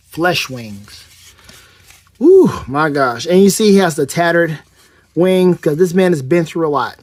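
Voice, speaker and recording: A man with a voice sitting a little on the high side talks through a toy review in an easy, rambling way. He cracks jokes and stops to correct himself. The sound is dry and close to the mic. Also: a little mellow, no room sound. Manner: rambling, joking, self-correcting. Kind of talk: casual unboxing review.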